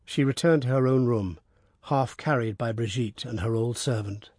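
Man narrating an old novel, kinda husky, dry close sound. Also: medium pitch, normal speed, a little mellow, dry recording. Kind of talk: scripted audiobook narration.

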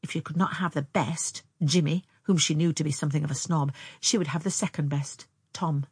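Husky woman reading a novel. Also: deep voice, steady tone, a little fast, no echo, studio quality. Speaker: audiobook reader. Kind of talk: scripted narration of a novel.

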